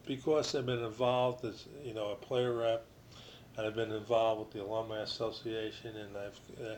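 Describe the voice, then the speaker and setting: An older man from New Jersey, a retired baseball pitcher, telling rambling stories as an interview guest, full of restarts and you-knows. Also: level tone, moderate pace, darkish tone, slight background noise, low-quality recording.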